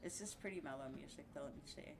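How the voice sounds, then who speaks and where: A woman's voice: extremely low pitch, quick pace, creaky. Sixty-ish woman venting at home, cussing a lot and cackling, bit of room hiss. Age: 60s. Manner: swears freely, laughs between outbursts. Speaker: vlogger. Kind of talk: angry casual rant to camera.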